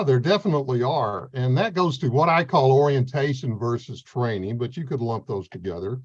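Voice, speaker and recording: A man's voice: medium pitch, a little mellow. Earnest guy explaining mentoring, plain talk, lots of uh's, kinda muffled lo-fi audio. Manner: earnest, plain-spoken, pauses with fillers. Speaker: veterans court mentor coordinator. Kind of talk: explanatory interview answers. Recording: slightly dull, lo-fi sound.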